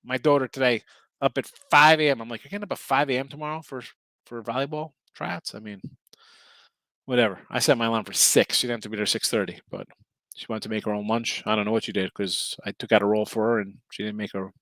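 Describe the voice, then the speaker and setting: A man's voice: lowish voice, fast talker, a bit bright, no room sound. Rambling tired middle-aged man, dry sound. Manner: rambling, self-correcting, chatty with viewers. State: tired, yawning. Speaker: sports betting show host. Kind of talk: casual livestream chat.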